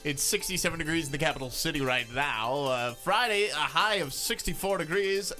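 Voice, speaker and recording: Brief: man, podcast co-host, bright, slightly high voice, swears freely, faint music under. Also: a little fast. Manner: storytelling, profane, laid-back. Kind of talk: casual chat.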